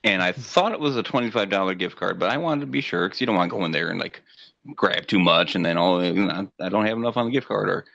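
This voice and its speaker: A man's voice: low-pitched, quick pace, gravelly, a bit bright, no echo, muffled recording. A middle-aged man co-hosting a podcast, chatting casually and ranting with profanity, acting out voices in his stories. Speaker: podcast co-host. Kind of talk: casual chat.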